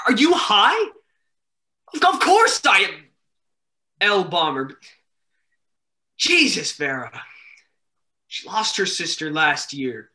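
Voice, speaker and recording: A young man playing a flustered high school jock boyfriend on stage, stammering defensively. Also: lively intonation, slow pace, pauses often, pushed and bright, exaggerated voice. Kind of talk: stage play acting.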